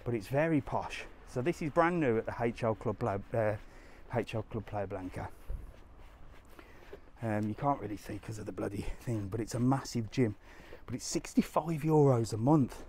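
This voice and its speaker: A travel vlogger broadcasts a casual walking live stream along a sunny resort street, chatting with viewers and answering their questions. He has a mellow, medium-pitched voice. The recording carries a little hiss or hum.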